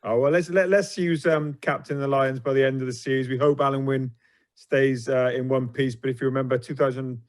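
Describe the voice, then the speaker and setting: A man's voice: mid-range voice, fairly even intonation, a little fast. A man on a casual panel podcast, talking in a hesitant, self-deprecating way with repeated words. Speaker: panel guest.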